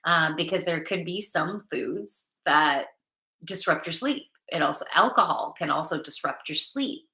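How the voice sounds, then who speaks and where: A woman's voice: low voice, expressive, a little slow, sharp tone. A middle-aged woman hosting a casual livestream, chatting and reading viewer comments aloud. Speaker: livestream host. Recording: echoey room.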